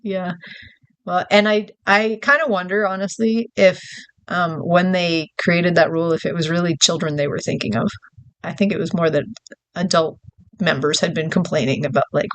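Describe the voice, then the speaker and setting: A woman's voice: on the low side, steady tone, normal speed, dry recording. A woman from New York co-hosting a podcast, chatting casually, laughing often as she answers listener questions. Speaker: podcast co-host.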